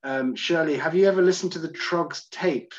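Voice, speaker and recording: A man's voice: on the high side, moderate pace. Chatty male guide on a muffled video call. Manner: chatty, self-deprecating, answers comments one by one. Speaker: tour guide. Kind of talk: live Q&A reading audience comments.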